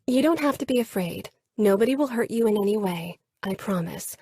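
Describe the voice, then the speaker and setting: A woman voicing a gentle but determined young wife who reassures and pleads with compassion. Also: medium pitch, lively intonation, a little fast, a little hiss or hum, natural voice. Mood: reassuring.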